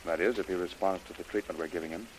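An actor playing a grave hospital doctor, calm and clinical, in a hissy old radio drama. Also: male voice, low voice, very fast, close to an everyday voice, low-quality recording. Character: grave hospital doctor, middle-aged man. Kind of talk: 1930s radio drama acting.

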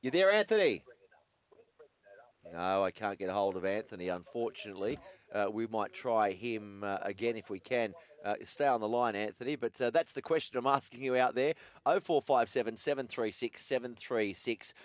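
A man's voice: lowish voice, steady tone, a little fast. Chatty Australian man hosting talkback radio. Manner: chatty, laid-back, asks questions. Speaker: radio host.

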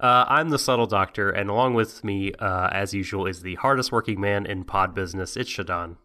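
A man's voice: on the low side, brisk, bright, forceful tone. A man co-hosting a casual podcast, talking in a wry, joking way. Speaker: podcast co-host.

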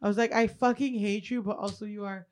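A young woman co-hosting a podcast, telling a profane, animated story and acting out what people said. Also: medium pitch, fast, over a noisy crowd. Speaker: podcast co-host. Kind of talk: casual comedic storytelling.

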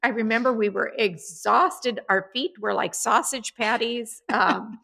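A woman's voice: a little high, measured pace, vocal fry, bright, forceful tone. A woman in casual chat as podcast co-host, telling stories about her daughter's wedding in an emotional, chatty way, recorded in an apartment. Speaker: podcast co-host, mother of the bride.

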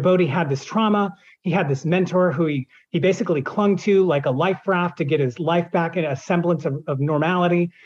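A man's voice: a little high, a little mellow, highs cut off. A man who narrates audiobooks, answering in an interview and explaining his process at length with examples.

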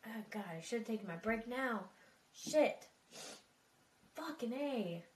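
A woman's voice: fairly high pitch, animated, slow, distant mic. Chatty woman podcaster in an echoey room. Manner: chatty, swearing, emotional and tearful. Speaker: true crime podcast host. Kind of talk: casual podcast narration. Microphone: desk microphone.

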